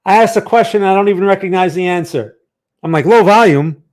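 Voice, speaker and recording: A man's voice: high voice, fast talker, a little mellow. Chatty male trading streamer. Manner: chatty, reads viewer chat aloud, asks "right?" often. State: tired. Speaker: trading channel host. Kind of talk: live-streamed market analysis. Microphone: close studio microphone.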